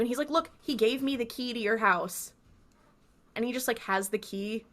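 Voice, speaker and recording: A woman's voice: a little high, fairly quick, a bit bright. A woman co-hosting a podcast, retelling scenes in casual chat and acting out the quotes. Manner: chatty storyteller, acts out quotes. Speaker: podcast co-host.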